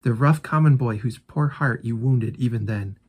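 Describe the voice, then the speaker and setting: A man's voice: medium pitch, moderate pace, darkish tone, slightly rough, lightly acted. An earnest young man pours out his heartbreak in a pleading voice, as a man reads his lines aloud. He sounds sincere and openly wounded.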